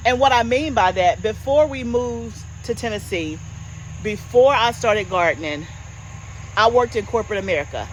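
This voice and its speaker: Woman, 40s, homestead vlog host, relaxed animated chatter, calls viewers y'all. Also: a little high, unhurried, slight background noise, rough recording. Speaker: homestead gardening channel host. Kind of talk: casual chat.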